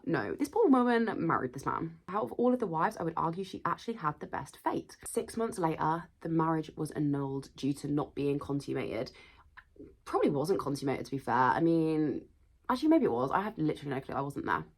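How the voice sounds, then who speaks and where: A young woman with a husky, low voice tells history like juicy gossip. She is chatty and slangy, tossing in dramatic asides as she goes. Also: very animated, fairly quick. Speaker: history video host. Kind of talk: gossipy casual storytelling.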